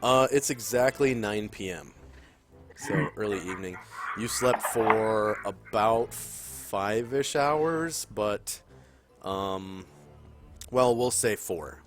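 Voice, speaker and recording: A man running a tabletop game as game master, describing scenes haltingly with many ums and pauses. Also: lowish voice, fairly bright tone, soft background music. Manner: halting, full of ums and throat-clearing.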